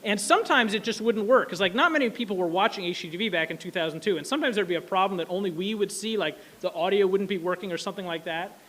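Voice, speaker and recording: A man telling a casual, animated story to an audience, full of fillers and asides. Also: high voice. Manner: quick, animated, many fillers. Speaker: speaker at an anniversary event.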